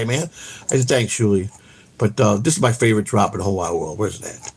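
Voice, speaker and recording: A man hosting a livestream, rambling through stories in a profane, excitable way. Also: fairly low pitch, a little fast, gravelly, husky. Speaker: host. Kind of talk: casual rambling livestream chat.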